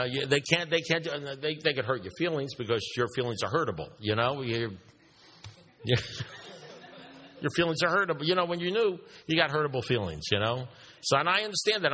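A man's voice: medium pitch, pushed and bright, in a large hall. A man giving a blunt, repetitive recovery talk to a meeting, preaching and swearing freely. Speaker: AA speaker.

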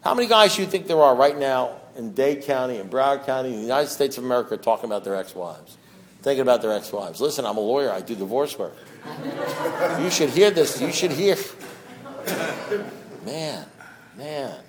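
Sharing at a twelve-step meeting, a middle-aged recovering alcoholic gives his testimony in a loose, conversational way, fast and animated, with fillers like "you know" and "deal." He mimics voices and swings from low, hushed tones to loud, raised outbursts.

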